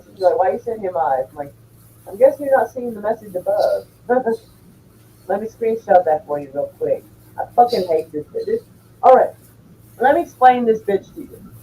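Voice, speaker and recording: A woman spins a long blunt story, swearing freely as she chats with her listeners. Her voice is warm and dark. A faint hiss sits under the recording. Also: mid-range voice, distant mic, low-quality recording. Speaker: streamer chatting with viewers. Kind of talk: casual chat.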